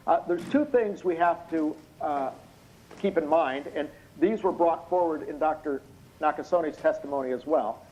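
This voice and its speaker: A tired, slightly hoarse man giving expert courtroom testimony over a video call, explaining things in a measured way with many hesitant fillers. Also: fairly high pitch, mellow. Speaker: expert witness. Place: indoor room at night. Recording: muffled video call audio.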